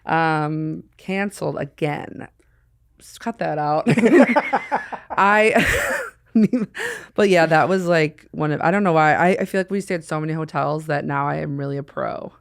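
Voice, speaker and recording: A woman's voice: deep voice, normal speed, vocal fry, clear, resonant tone, no echo, studio quality. A woman hosting a podcast, rambling and joking in casual chat and putting on silly voices for the people in her stories. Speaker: podcast host.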